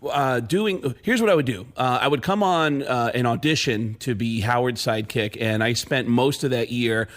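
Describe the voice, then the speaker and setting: A male comedian guest on a radio show, telling anecdotes full of quick impressions. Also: medium pitch, a bit bright.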